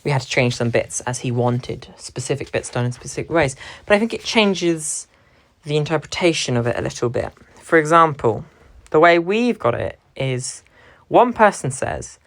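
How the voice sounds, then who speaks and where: A young woman with a low voice talks through how lines in a scene are divided between performers. She stops to quote lines and presses hard on single words. Her tone stays thoughtful and analytical. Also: expressive, normal speed. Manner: analytical, stresses key words when quoting lines. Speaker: drama performer. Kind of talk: reflective talk about a stage scene.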